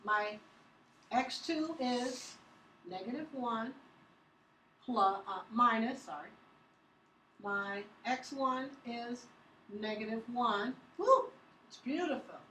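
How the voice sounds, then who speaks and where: Upbeat woman math teacher quizzing her class, highish voice, echoey room, mic far off. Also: slow, long pauses, pushed and bright, slight background noise. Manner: upbeat, teasing, quizzes students.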